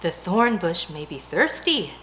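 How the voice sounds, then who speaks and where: A woman voicing a kind, calm policeman in a lowered, gentle voice. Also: measured pace, background noise.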